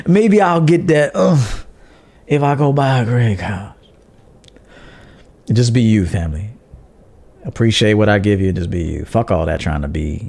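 A man's voice: mid-range voice, sing-song, takes it slowly, creaky, pauses often, slightly rough. A man hosting a livestream dating-advice show in a brash, profane, joking manner, reading out viewer donations. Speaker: podcast host and dating coach. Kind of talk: casual livestream monologue.

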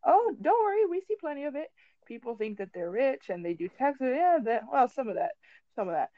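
A woman calling in to a talk show, earnest and quick with her replies. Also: fairly high pitch, big pitch swings, no echo. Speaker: caller. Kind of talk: call-in debate. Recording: dry, dull lo-fi call audio.

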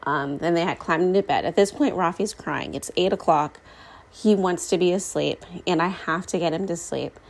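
A woman's voice: fairly low pitch, normal speed, creaky, poor audio. A woman in her thirties hosting a podcast, telling a casual, rambling story full of fillers and self-corrections. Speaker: podcast host.

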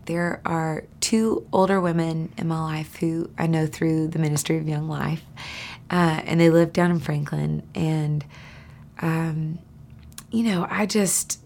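Woman, low voice, gravelly fry, earnest podcast guest, hushed emphasis. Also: steady tone, a little slow, a little hiss or hum. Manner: earnest, drops to a soft whisper for emphasis. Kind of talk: heartfelt conversational sharing.

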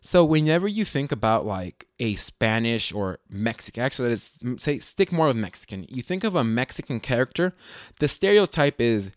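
A man hosting his own podcast in a loose, rambling way, correcting himself often and filling pauses with ums. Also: mid-range voice, smooth, no room sound, clean studio sound. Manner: rambling, self-correcting, lots of fillers. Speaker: podcast host. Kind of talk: casual solo podcast chat.

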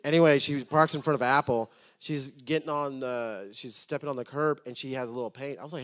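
In a sermon to his flock, a man swings between forceful appeals and hushed, soft narration, repeating words as he launches into each thought. The pitch is medium, the tone steady, and the delivery brisk.

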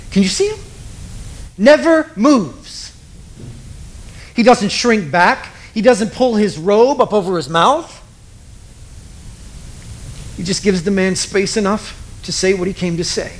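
A man preaching a sermon, telling a story dramatically with emphatic pauses and repetition. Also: sits high, lively intonation.

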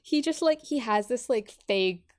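A woman's voice: a little high, animated, unhurried. A young woman co-hosting a podcast, chatting casually about a novel and its screen adaptation, talking with many fillers and restarts. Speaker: podcast co-host. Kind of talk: casual chat about a book and its series.

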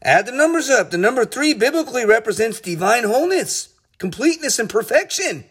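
A man leads an informal Bible lesson, and his enthusiasm keeps spilling over into laughter and restarted sentences. His voice sits fairly high for a man and has a husky, slightly breathy edge. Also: sing-song, a little fast, a bit bright. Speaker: Bible teacher. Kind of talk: casual Bible study talk.

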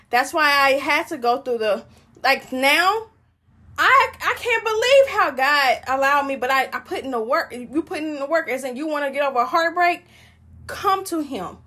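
A woman's voice: sits high, sharp tone. A woman talking casually and joyfully about her faith, preaching, laughing often and rambling. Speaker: Christian woman sharing testimony.

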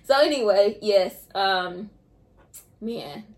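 Female co-host, expressive, laughs easily, casual chat. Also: medium pitch, takes it slowly. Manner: expressive, laughs often, breaks into excited quotes. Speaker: podcast co-host.

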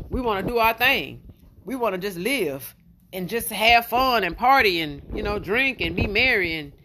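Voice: mid-range voice, a bit bright, slight background noise. A preacher retelling a parable in an informal sermon, casual and rambling, with plenty of 'you know' and 'y'all'.

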